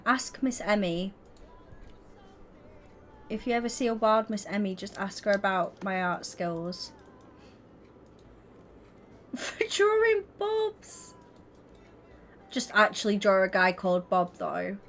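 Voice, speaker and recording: Giggly young woman streamer, slow talk. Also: mid-range voice, fairly bright tone, a little hiss or hum. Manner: giggly, keeps breaking into laughter. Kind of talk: casual live-stream chat with viewers.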